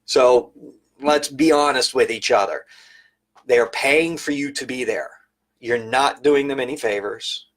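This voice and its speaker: A man's voice: mid-range voice, measured pace. Conversational man telling work stories. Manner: storytelling, conversational, emphatic. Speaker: private service educator. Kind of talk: live-streamed talk with anecdotes.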